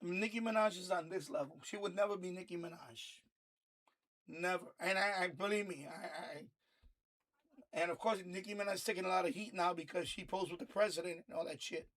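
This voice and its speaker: High-voiced man in a profane rant. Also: a little fast, fairly bright tone. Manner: heated, profane, repetitive ranting. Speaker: live stream host. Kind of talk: casual ranting commentary.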